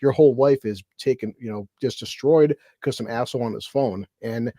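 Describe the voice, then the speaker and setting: Male co-host, dark mellow voice, dry sound, animated and profane. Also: mid-range voice, no echo. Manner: animated, swears freely, quick restarts. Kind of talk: casual chat on a live stream. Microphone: video call.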